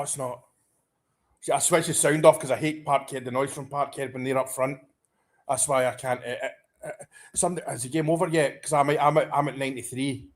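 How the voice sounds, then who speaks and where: A man reacting live as a football fan, excitable and anxious, stammering and restarting his sentences. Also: medium pitch. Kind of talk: live match watchalong reaction.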